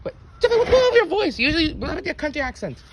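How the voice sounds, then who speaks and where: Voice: mid-range voice, lively intonation, rapid-fire, background noise, close to an everyday voice. A performer voicing a fussy, worried caretaker who nags and scolds in a puppet comedy skit. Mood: surprised. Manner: nagging and exasperated.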